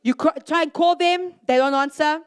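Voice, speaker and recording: A young woman with a high voice speaks to a youth crowd in sermon style. She keeps it conversational and animated, throwing rhetorical questions at her listeners and slipping into quick acted-out scenes. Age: young adult. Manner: asks the audience rhetorical questions.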